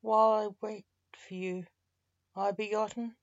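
Stern skeletal Reaper in monk's robes, read by a woman, sharp and declaiming, slow and dry on a dull lo-fi track. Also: medium pitch, little pitch movement, no room sound, lightly acted.

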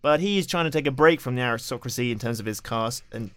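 A man's voice: medium pitch, fast talker, fairly bright tone, clean tone, dry recording. A man co-hosting a podcast, trading sarcastic quips and running through film news. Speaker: podcast co-host. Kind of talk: casual banter and news rundown.

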